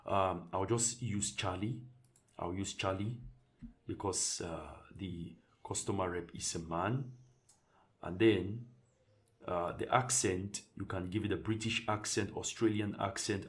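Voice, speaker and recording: Deep-voiced man talking through a tutorial. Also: unhurried. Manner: relaxed, thinks aloud with restarts while clicking through settings. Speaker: tutorial presenter. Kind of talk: casual screen-share tutorial.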